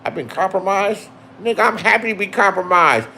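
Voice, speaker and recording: A man's voice: sits high, brisk, creaky, bright, forceful tone, a little hiss or hum. A man in his sixties talking casually to camera, rambling and swearing as he reminisces. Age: 60s. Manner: profane, reminiscing, loose and chatty. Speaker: vlogger. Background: music playing.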